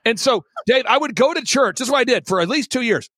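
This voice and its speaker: High-voiced animated man telling stories. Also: quick pace, slightly rough, no echo. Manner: energetic, emphatic, jumps between high exclamations and low mocking impressions. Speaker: podcast host. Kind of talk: animated storytelling chat.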